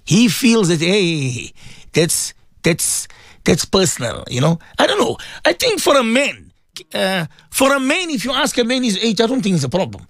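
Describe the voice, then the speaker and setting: A middle-aged man hosts a call-in radio show, chatting and rambling and greeting his listeners one by one. His voice sits a little high for a man and swings widely in pitch. The studio sound is close and dry. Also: very animated, normal speed, fairly bright tone, no echo. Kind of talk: casual call-in radio chat.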